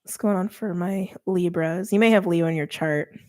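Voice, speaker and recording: Woman, young adult, tarot reader, casual, emphatic, slightly low voice. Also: normal speed, a little mellow. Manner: chatty, emphatic, self-interrupting.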